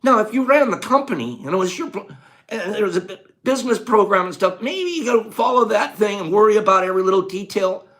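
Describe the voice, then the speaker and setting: Older male host, casual and folksy, very animated intonation, flips from hushed to booming. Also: fast talker. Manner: swings between quiet musing and loud rhetorical outbursts; folksy, says gosh darn and dude. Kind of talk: casual talk on a quote.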